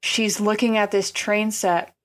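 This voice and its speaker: A woman co-hosting a casual podcast, analyzing a film in a thoughtful, drawn-out way. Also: mid-range voice, fairly even intonation. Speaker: podcast co-host.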